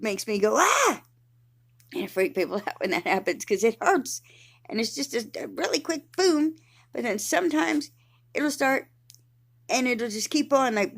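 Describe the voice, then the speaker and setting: Candid rambling woman vlogger. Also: medium pitch. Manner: rambling, candid, swears freely, trails off searching for words. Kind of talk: casual personal vlog.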